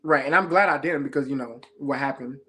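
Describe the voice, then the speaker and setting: A man's voice: medium pitch, a little fast, pushed and bright. A young man, a reality show contestant, telling stories in a laid-back, slangy way during a casual interview.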